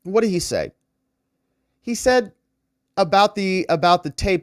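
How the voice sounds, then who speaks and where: A man's voice: high voice, wildly swooping pitch, normal speed, pauses often, no echo, clean studio sound. A man hosting a legal commentary stream, sarcastic and mocking, acting out quotes from the people he discusses. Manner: sarcastic, mocking, acts out quotes in shifting voices. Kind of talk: livestream commentary.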